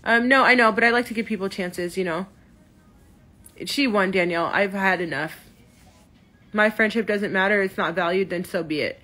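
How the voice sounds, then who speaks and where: A woman's voice: medium pitch, normal speed, pauses often, pushed and bright, faint music behind. A woman in her thirties venting on a phone livestream, emotional, hurt and defensive, with many restarts. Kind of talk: upset livestream rant. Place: in her car.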